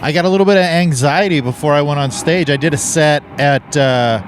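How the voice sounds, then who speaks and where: A man's voice: a little high, fairly quick. A male comedian guest chatting casually outdoors, rambling with frequent restarts. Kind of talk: casual chat. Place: outdoors in a park. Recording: faint outdoor noise in a park.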